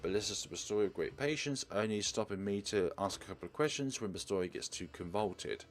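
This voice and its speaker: Male let's play host reading game text, deep voice, casual self-corrections. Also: animated, fast talker, a little hiss or hum. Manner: casual read-through with slips and self-corrections. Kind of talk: reading a visual novel aloud.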